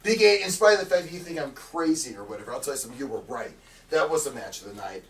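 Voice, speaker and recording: A man's voice: mid-range voice, animated, racing, a bit bright, far from the mic, slight background noise. A man commentating on a wrestling show in a boastful, pompous tone, recorded a bit away from the mic. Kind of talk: bombastic promo commentary.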